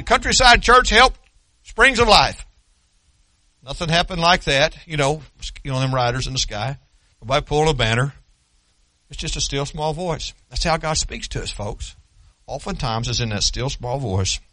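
A man preaching a sermon as pastor, swinging from loud emphatic preaching to low quiet asides. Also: no echo, low-quality recording.

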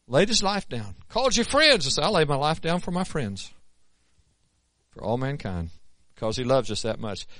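A man preaches in a plain, folksy sermon voice. He climbs to loud, emphatic peaks, then drops to soft, quiet asides. The sound is close and dry, with no room echo. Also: medium pitch.

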